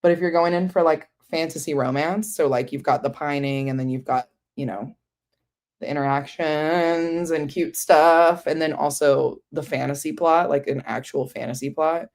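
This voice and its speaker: A woman with a low, deep voice hosts a casual book livestream. She rambles in a loose, chatty way, full of "um" and "like", and answers her viewers as she goes. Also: normal speed, a little mellow. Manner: many fillers like "um" and "like". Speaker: book streamer.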